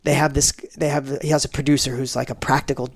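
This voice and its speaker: A man telling stories as a guest in a casual interview, animated and prone to digressions. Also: mid-range voice, fast, no echo.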